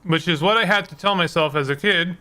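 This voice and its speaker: A man's voice: high-pitched, fairly quick, sharp tone. A man giving casual, rambling commentary while playing a video game, joking at his own expense. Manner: rambling, self-mocking jokes, laughs often.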